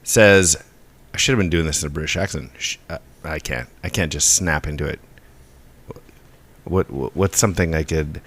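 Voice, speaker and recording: A man co-hosting a podcast, casually explaining word origins in a relaxed way and often stopping to restart his sentences. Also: extremely low pitch, moderate pace, long pauses. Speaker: podcast co-host.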